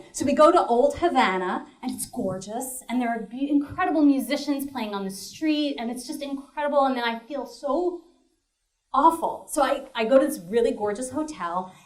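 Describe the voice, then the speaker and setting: Lively high-voiced comic woman storyteller. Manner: animated, laughing, with dry asides. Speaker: comedian and storyteller. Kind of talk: solo comedy storytelling show.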